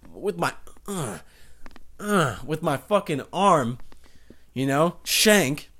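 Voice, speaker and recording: Rambling crude young man storyteller. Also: on the high side. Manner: rambling, crude, animated voices for characters. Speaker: comedic storyteller. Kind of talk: profane comedic monologue.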